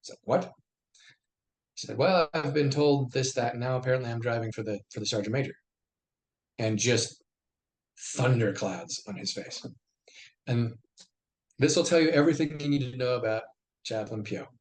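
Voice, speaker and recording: Brief: middle-aged veteran man, mid-pitched voice, conversational yarn-spinner who acts out the quotes. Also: moderate pace, long pauses. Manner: acts out quoted dialogue in lively bursts. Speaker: podcast guest, army veteran. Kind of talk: conversational storytelling.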